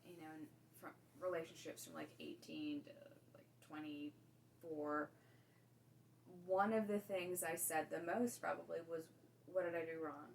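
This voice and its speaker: Podcast co-host, woman, loose chatty delivery full of fillers, low voice. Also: fairly even intonation, measured pace, gravelly, recorded from a distance, a little hiss or hum, rough recording. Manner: rambling, lots of fillers and acted-out quotes. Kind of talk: casual chat.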